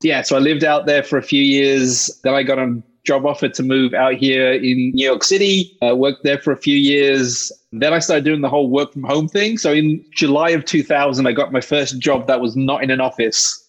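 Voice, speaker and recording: A middle-aged man, a guest chatting in a relaxed, rambling way with small restarts. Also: mid-range voice, normal speed, few pauses, dull audio. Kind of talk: casual conversation.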